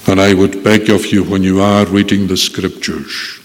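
A man's voice: sits low, flat delivery, normal speed, few pauses. Earnest man preaching in echoing hall. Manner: earnest pleading, rising and falling. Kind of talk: sermon. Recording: long echo of a hall.

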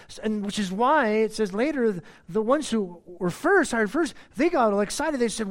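A man preaching a sermon in a conversational way, often repeating words and restarting, then rising in pitch and loudness to stress a point. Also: expressive, moderate pace, few pauses. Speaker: pastor.

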